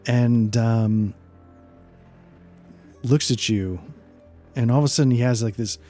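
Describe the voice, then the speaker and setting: Halting male game master narrating. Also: medium pitch, dark tone, soft background music. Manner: loose, halting narration with many fillers.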